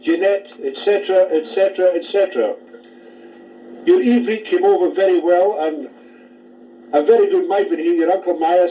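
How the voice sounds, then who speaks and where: A father giving a cheerful taped message to his daughter, hurrying through parts of it. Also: high-pitched. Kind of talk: spoken letter on tape. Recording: dull distant home tape with hiss.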